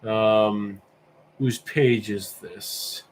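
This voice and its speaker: A livestream host with a lowish, fairly even voice talks very slowly over slight background noise. He muses aloud as he browses, rambling casually, asking himself questions and filling gaps with fillers.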